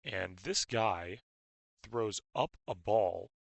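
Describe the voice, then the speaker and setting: A young man tutoring physics, explaining step by step with stop-start phrasing and uneven loudness. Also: lowish voice, slow pace, gravelly, no room sound, rough recording.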